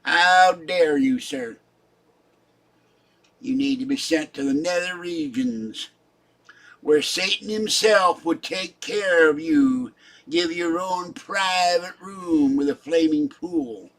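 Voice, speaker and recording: A pompous self-crowned general, put on by a man, thunders slow denunciations in a raised, loud voice. He draws out each title with mock grandeur. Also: animated, vocal fry, exaggerated voice. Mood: scolding. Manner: pompous, denouncing, booming slow proclamations. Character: blustering self-proclaimed ten-star general of the Lord, male. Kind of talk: livestream character bit.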